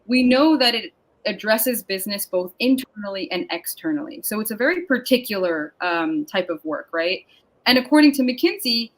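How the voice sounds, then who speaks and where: A woman hosting a panel discussion over a video call, speaking in an upbeat, emphatic and deliberate way. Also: mid-range voice, low-quality recording. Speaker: panel host and moderator. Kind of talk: scripted-sounding webinar introduction.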